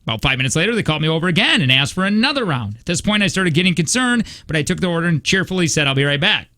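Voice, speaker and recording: A man's voice: fairly high pitch, sing-song, very fast, bright, forceful tone. A man hosting a radio show, joking around and reading a story aloud with asides.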